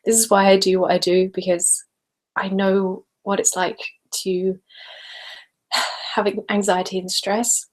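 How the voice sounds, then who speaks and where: A woman's voice: mid-range voice, little pitch movement, slow, pauses often. Chatty, giggly woman on a live stream. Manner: chatty and giggly, speaks normally rather than whispering. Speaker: ASMR YouTuber hosting a live stream. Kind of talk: casual live-stream chat, reading viewer comments.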